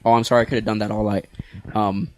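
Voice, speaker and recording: A man's voice: lowish voice, level tone, fast. A man co-hosting a hobby podcast, chatting casually and joking as he steers the segments. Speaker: podcast co-host. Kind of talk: casual chat.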